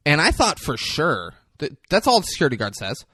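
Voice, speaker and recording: A man's voice: a little high, huge pitch swings, fairly quick, bright, forceful tone, husky, no echo, studio quality. A man co-hosting a podcast in casual chat, rambling and swearing as he recaps a film scene by scene. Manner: rambling, profane, retells scenes with quoted lines. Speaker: podcast co-host.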